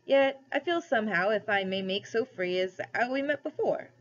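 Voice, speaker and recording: A woman's voice: medium pitch, expressive, moderate pace, slight background noise, pitched above the performer's own voice, lightly acted. Brief: woman reading as a deferential working-class cabman, muffled recording. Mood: humble. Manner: deferential, folksy phrasing. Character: humble male London cab driver, polite. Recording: dull lo-fi recording.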